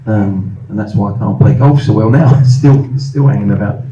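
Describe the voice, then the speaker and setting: A man in his sixties from England, telling lively anecdotes at a live event and acting out the voices of people in his stories. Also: on the low side, fairly quick, echoey room, muffled recording, a little hiss or hum. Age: 60s. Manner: anecdotal, animated, acts out voices. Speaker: guest speaker. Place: event hall.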